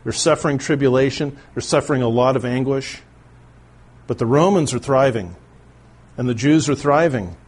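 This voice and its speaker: A man's voice: mid-range voice, normal speed. A male pastor giving an earnest, explanatory sermon, often restarting his phrases. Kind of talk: expository sermon.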